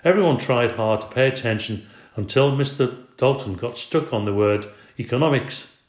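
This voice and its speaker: A man narrating a children's story in an expressive, conversational audiobook reading. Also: medium pitch, moderate pace. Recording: roomy echo.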